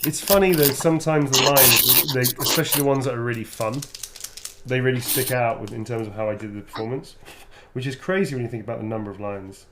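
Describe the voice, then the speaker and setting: A man's voice: mid-range voice, a little fast, noisy background. A middle-aged man, an actor signing autographs on a livestream, chatting casually, swearing freely and chuckling often.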